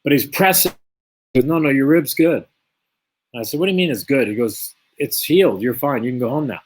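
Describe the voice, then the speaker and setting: The guest, a retired boxer with a medium-pitched voice, talks a little fast as he spins a lengthy fight story in an interview. His telling is lively, and he plays both people in every exchange.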